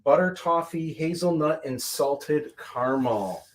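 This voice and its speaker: A man hosting a casual livestream chat, his voice sitting a little on the high side. He talks in an animated, storytelling way, acting out quotes as he goes. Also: unhurried. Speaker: livestream host.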